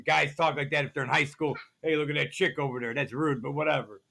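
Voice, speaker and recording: Male vlogger, gravelly and forceful, ranting and conspiratorial, filmed on a phone in store aisles. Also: fairly high pitch, steady tone, quick pace. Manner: ranting, conspiratorial, repeats "see how that works". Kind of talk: ranting shopping vlog.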